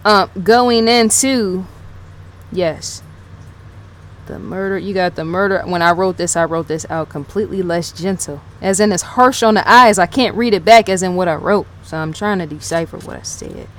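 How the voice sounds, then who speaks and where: Lady host rambling thru her notes, kinda low voice, says yes and right? constantly. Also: normal speed. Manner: rambling, stops to reread her notes and repeats herself; fills talk with "yes", "right?" and "in fact". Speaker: channel host. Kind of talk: casual unscripted commentary.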